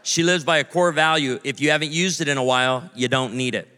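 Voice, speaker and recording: A man's voice: mid-range voice, fast, bright, forceful tone. A man in his forties preaching a sermon, telling stories with comic voices and asides to the audience. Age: 40s. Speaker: pastor. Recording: long hall reverb.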